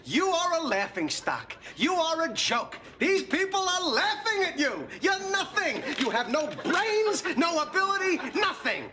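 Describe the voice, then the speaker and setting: A man's voice: very high voice, big pitch swings, unhurried, few pauses, heavily acted. A man raging as he quits. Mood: furious. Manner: ranting, shouting insults. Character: frantic man quitting his job in a rage. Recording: noisy clip from a TV sitcom.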